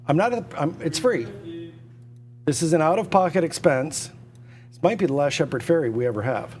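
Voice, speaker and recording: A man's voice: fairly high pitch, lively intonation, moderate pace, long pauses, a little mellow. Pushy, stammering male auctioneer. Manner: repetitive, pushy salesman patter with stammered restarts. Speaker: auctioneer and livestream host. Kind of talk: live online auction sales pitch. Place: indoors at a computer.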